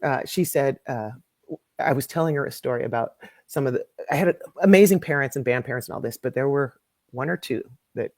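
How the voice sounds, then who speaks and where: A woman's voice: extremely low pitch, brisk, a little mellow, no room sound, clean studio sound. A woman who is a music educator, a podcast guest telling candid, self-mocking stories in casual conversation.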